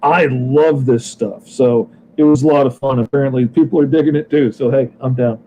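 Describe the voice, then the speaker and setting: A man's voice: mid-range voice, fairly even intonation, brisk, warm tone, a little hiss or hum, poor audio. A man co-hosting a casual comics podcast, talking in an easygoing, enthusiastic way. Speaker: co-host, comic creator.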